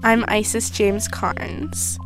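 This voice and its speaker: A sixteen-year-old girl answering interview questions candidly, thoughtful and a little halting, with restarts. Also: on the high side, over music. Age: teens. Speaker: interview guest.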